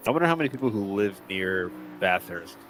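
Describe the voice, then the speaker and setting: Low voiced guy hosting a racing stream, lots of banter, noisy audio. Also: sing-song, brisk, a bit bright. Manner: laughs often, bantering. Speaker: sim racing stream host. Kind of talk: casual joking commentary.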